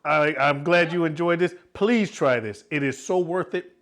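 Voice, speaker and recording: A middle-aged man chats loosely through his home cooking vlog, joking and laughing between thoughts. His voice sits slightly high for a man. He sounds easygoing and unhurried. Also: fairly bright tone. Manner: laid-back, jokey, laughs often. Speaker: cooking channel host. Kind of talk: casual cooking vlog chat.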